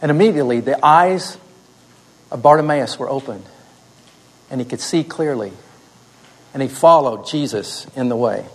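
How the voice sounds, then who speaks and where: A man's voice: medium pitch, moderate pace, long pauses, rough recording. A man teaching a seminary class how to tell a story aloud, explaining and then telling it himself on a wired mic. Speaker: teacher of oral Bible storytelling. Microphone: wired microphone.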